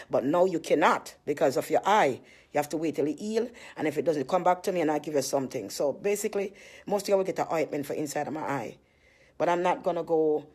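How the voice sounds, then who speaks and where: Fast-talking Jamaican woman ranting. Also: low voice, darkish tone. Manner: indignant, rambling, swears freely. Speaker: vlogger selling skin cream. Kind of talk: casual rant to camera.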